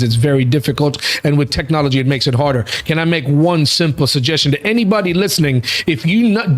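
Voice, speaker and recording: A man hosting a casual panel chat, animated and teasing, cutting in often. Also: fairly high pitch. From Goa, India. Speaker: host.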